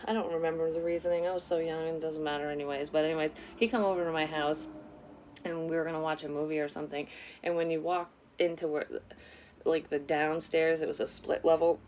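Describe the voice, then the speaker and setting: A woman casually telling a personal story to camera, candid and animated, with frequent swearing. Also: deep voice, fast, a little hiss or hum.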